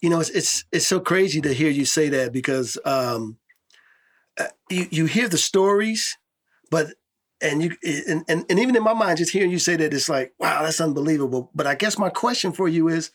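A man's voice: on the high side, moderate pace, fairly bright tone. A man co-hosting a podcast, asking eager, stumbling questions in casual chat. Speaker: podcast co-host.

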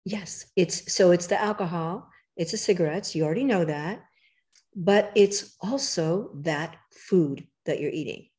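A woman author as a podcast guest, talking casually but emphatically, lecturing in quick bursts, her voice rough in the morning. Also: on the low side, mellow. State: morning voice, throat clearing.

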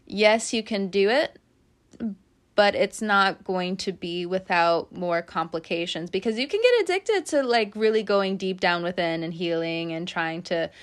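Woman, tarot reader, casual, animated, profane, average pitch. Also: a little slow. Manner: animated, swears freely, laughs often.

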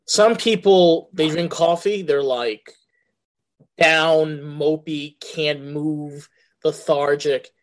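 Animated New York guy hosting a podcast. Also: on the high side, drawn-out words. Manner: blunt, animated, swears freely. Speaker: podcast host. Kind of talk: casual podcast chat.

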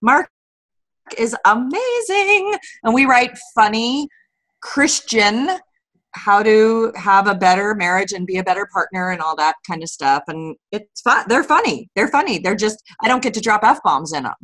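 Woman, forties, author guest, casual interview, candid storyteller, mid-pitched. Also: measured pace. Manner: candid, animated storyteller with frequent restarts.

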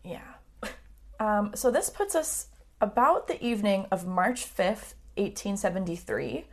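A woman's voice: medium pitch, animated, a little slow. A woman co-hosting a true-crime podcast in easygoing casual chat, with plenty of agreeing fillers. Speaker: podcast co-host.

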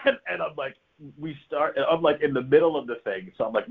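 A man's voice: a little high, fairly quick, gravelly, husky. A man telling a wild story in a casual chat, laughing often and swearing freely. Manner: animated, laughing, profane storytelling. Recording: tinny phone-like line.

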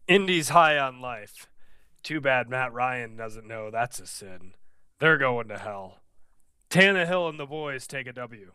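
Bright, clear-voiced male podcast co-host. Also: medium pitch, lively intonation, measured pace, no echo, clean studio sound. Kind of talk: casual sports podcast banter.

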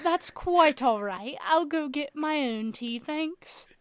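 A woman improvising as a prim, polite businesswoman who speaks slowly and deliberately. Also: high voice, animated. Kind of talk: improvised comedy scene.

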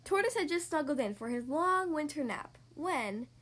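A woman hosting a children's podcast, reading a storybook aloud in a friendly, expressive manner. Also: high-pitched, moderate pace. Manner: friendly, expressive, sing-song.

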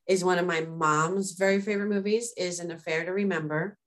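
A woman in casual conversation, telling personal stories in a chatty, animated way. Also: lowish voice, a little fast. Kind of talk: casual chat.

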